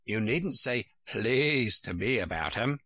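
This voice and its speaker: A man's voice: mid-range voice, expressive, takes it slowly, bright, forceful tone, no echo, studio quality, exaggerated voice. A man voicing a grumpy old female sheep who knits and answers in short, snappish lines. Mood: curt. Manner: curt, snappish.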